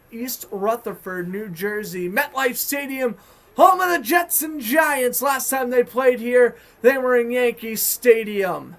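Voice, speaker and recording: A man with a Boston accent giving chatty, excited fan-made play-by-play commentary on a hockey game. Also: very high-pitched. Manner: excited, chatty, self-correcting. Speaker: sports commentator.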